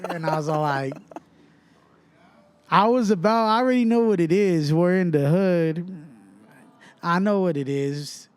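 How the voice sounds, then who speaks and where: Rapper from Fresno telling a story. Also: male voice, high voice, measured pace, long pauses, clean tone, dry recording, faint music behind. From Fresno, California. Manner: animated storyteller who acts out other people's voices. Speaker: rapper guest. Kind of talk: casual storytelling chat.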